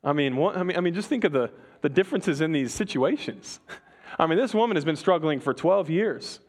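Animated conversational preacher man. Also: a little high, brisk. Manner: conversational, animated, acts out quoted voices with laughs. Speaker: pastor. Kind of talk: sermon.

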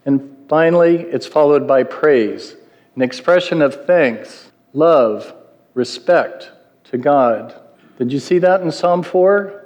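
A man's voice: fairly high pitch, animated, takes it slowly, darkish tone. Earnest man preaching in a reverberant hall. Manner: earnest, asks the listeners questions. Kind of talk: sermon teaching.

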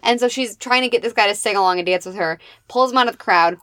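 A woman's voice: mid-range voice, fairly bright tone, no echo. A woman co-hosting a podcast, recapping a movie in casual chat, swearing a lot and ranting in exasperation. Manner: profane, exasperated, quick to rant. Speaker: podcast co-host.

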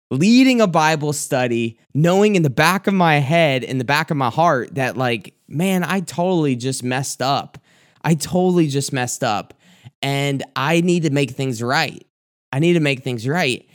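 A man's voice: on the high side, expressive, a little slow. A young man, a youth pastor, telling a candid personal story of his own mistake as a sermon testimony, with lots of casual fillers.

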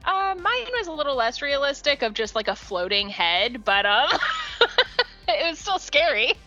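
A woman's voice: high-pitched, big pitch swings, unhurried, bright, forceful tone, faint music behind. A woman in casual chat, telling things vividly with lots of fillers. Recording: dull lo-fi recording.

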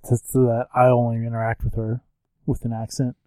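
A man in his thirties co-hosts a casual podcast, joking and teasing his friend. His voice is mellow and dark at a middle pitch, recorded close and dry. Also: completely flat delivery, fairly quick, no room sound, low-quality recording. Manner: joking, playful, slips into silly voices. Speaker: podcast co-host. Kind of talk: casual chat.

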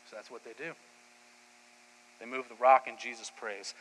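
A man preaching a sermon as a pastor, retelling scripture as lively, casual storytelling. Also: mid-range voice, normal speed, pauses often, long reverb tail, low-quality recording.

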